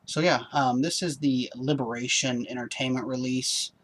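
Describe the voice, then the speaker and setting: A man's voice: medium pitch, moderate pace. Laid-back rambling male reviewer. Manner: rambling, lots of ums and uhs; relaxed, upbeat. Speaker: home-video reviewer. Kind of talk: casual video review.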